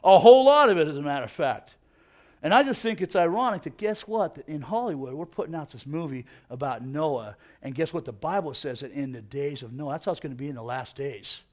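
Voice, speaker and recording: A middle-aged man giving a casual, energetic sermon, peppering his talk with "man" and asking "you know what?". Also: fairly high pitch, fairly quick. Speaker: preacher.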